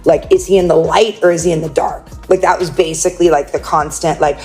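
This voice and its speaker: A woman speaks as an interview guest with a dark, mellow tone and a somewhat low voice. She tells her story casually, scattering "like" everywhere. Faint music runs underneath. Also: steady tone, brisk, breathy edge. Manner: chatty, peppered with "like", acts out quoted speech.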